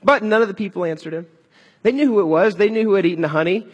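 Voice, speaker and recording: A man preaching a sermon in an animated, conversational way. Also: high-pitched, fast talker, husky, in a large hall. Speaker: pastor.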